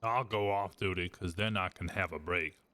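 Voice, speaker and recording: A man with a fairly low, bright and forceful voice plays a rushed police officer in game role-play. He stumbles over his words and restarts sentences as he hurries along. The sound is dry and close. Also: no echo.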